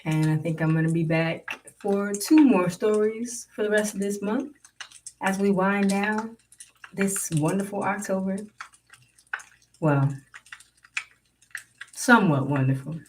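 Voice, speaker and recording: A storyteller reading a folktale aloud in a relaxed, folksy and wry way, then adding a casual sign-off as host of their own show. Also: medium pitch, measured pace, pauses often, distant mic, a little hiss or hum. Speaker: narrator and podcast host.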